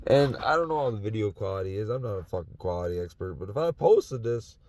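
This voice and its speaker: Fast-talking and animated, a young Wisconsin podcast host rambles with lots of cursing about his life while parked in his truck, laughing between thoughts. His voice is on the low side and a little mellow, with no room sound, recorded on a phone or camera in the truck.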